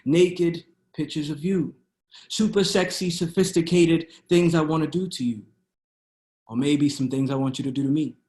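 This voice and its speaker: A man performing spoken-word poetry in a rhythmic, measured cadence. His voice sits a little above the usual for a man. It carries the noticeable echo of a bare room on a video call. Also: fairly high pitch, steady tone, a little mellow. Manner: rhythmic spoken-word delivery with hesitant fillers between pieces. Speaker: poet. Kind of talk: poetry reading.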